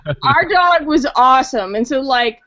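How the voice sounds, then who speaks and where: A woman's voice: sits high, expressive, moderate pace, bright, forceful tone, dry recording. A woman telling a casual story on a call-in chat show, swearing often and leaning on 'like'. She sounds a bit tipsy. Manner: chatty, swearing, lots of filler 'like'. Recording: dull, dry lo-fi call audio.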